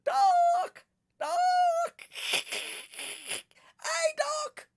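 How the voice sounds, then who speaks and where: A man doing a deliberately bad impression of an excitable young man who shouts eagerly for attention, in a shrill voice. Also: creaky, noisy background, full character voice.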